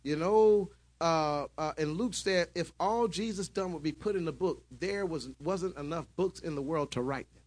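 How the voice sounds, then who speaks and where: A man preaching a sermon in church, shouting at his peaks and dropping into calmer storytelling. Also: a little high, moderate pace.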